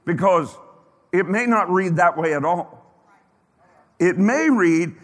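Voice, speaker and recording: Lively high-voiced male preacher, reverberant hall. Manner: emphatic, drawn-out phrases, questions to the congregation. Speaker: pastor. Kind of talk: preaching a sermon. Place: church sanctuary.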